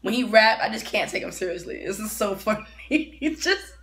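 A woman's voice: mid-range voice, lively intonation, moderate pace, fairly bright tone. A woman chatting casually as she reacts to a video, giggly and full of fillers.

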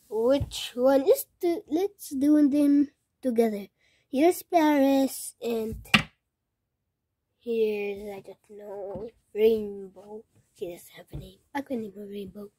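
A young female vlogger shows off her stuffed animals in an excitable, gushing way. Her voice is high and breathy, mellow in tone. She talks slowly and keeps dropping into soft whispers. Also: no room sound, studio quality. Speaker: toy collection vlogger. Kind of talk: casual toy show-and-tell, often whispered.

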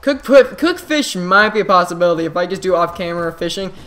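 A man hosting his own channel, giving casual gameplay commentary in an excitable way, full of exclamations and quick restarts. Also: high-pitched. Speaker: gaming channel host.

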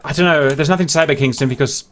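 A man's voice: a little high, racing, fairly bright tone. A British man hosting a flight-sim multiplayer event, teasing the players and briefing them on the rules in a joking, sarcastic manner. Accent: British English. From Britain. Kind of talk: casual hosting banter and rule briefing.

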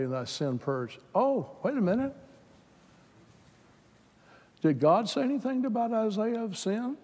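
A man preaching a sermon, moving from plain talk to loud, fervent exhortation. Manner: builds from plain talk to shouted, high-pitched fervor. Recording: hall reverb.

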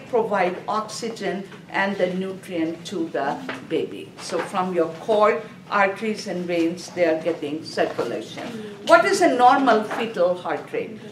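A woman's voice: on the high side, recorded from a distance. Woman lecturing nurses in an echoey room. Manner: repetitive, emphatic, tells students to underline words. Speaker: nursing exam instructor. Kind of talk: classroom lecture. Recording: echoey room, voice from off mic, faint noise.

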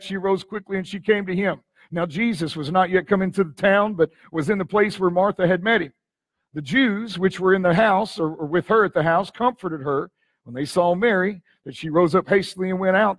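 A man with a Texan accent preaching a dramatic sermon as pastor, reading scripture with sudden swings from loud to hushed. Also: high-pitched, fairly quick. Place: church sanctuary.

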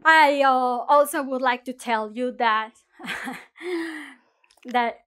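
A woman teaching a bilingual lesson, energetic and playful, acting out what a shopper and a seller would say. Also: high-pitched, very slow, clear, resonant tone. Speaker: Spanish teacher.

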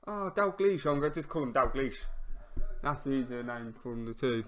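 Excitable man narrating a football game. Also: medium pitch, normal speed. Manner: excitable, shouting at near misses and goals, mumbling over menus; wry, self-mocking, stumbles over player names. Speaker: gamer commenting on his own play. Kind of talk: casual let's-play commentary.

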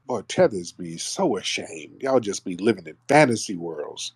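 A man's voice: low-pitched, big pitch swings, moderate pace, few pauses, breathy edge, no room sound. A man hosting a live call-in stream, talking in a brash, mocking way with blunt slang. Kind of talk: casual live call-in banter.

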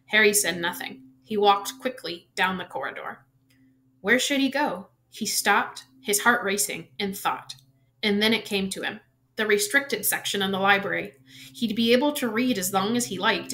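A woman reading a novel aloud at an ordinary middle pitch. She reads expressively, lifting her voice at tense moments and letting sentences fall away softly. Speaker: reader.

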